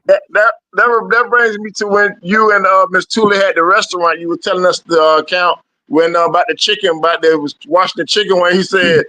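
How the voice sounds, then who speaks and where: A man in casual chat, excitable and quick with reactions and laughter. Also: high voice, no room sound, rough recording.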